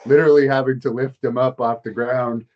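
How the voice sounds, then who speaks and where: A man hosting a casual interview, chatting in a relaxed, conversational way. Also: mid-range voice, brisk, dull audio. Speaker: interviewer host.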